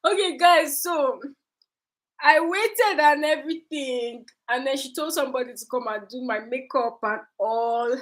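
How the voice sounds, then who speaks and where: A young woman, a candle maker, telling a story to her viewers in a casual, animated way, repeating phrases for emphasis. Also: high voice, measured pace, poor audio. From Nigeria.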